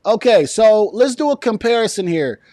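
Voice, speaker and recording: A man rants through a political commentary with a high-pitched voice. The sound is dry and close, with no room around it. He is indignant and sarcastic, piling one point onto the next. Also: big pitch swings, normal speed, dark tone, no room sound. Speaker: commentary vlogger.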